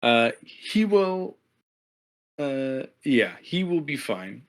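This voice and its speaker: A man's voice: medium pitch, sing-song, extremely slow. A man running a tabletop game as game master, easygoing and chuckling, with many fillers. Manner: easygoing, laughs often, filler-heavy.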